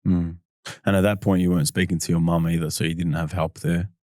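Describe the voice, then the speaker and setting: A male podcast host who mostly listens with short murmurs and asks brief, gentle questions. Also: sits low, level tone, fast, dry recording, studio quality. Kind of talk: interview listening.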